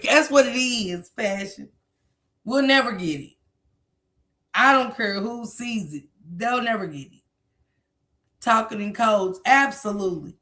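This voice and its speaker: Give me a blunt, profane woman in her forties hosting a commentary stream with a bright, sharp voice. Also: a little high. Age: 40s. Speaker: commentary livestream host. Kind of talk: reaction commentary.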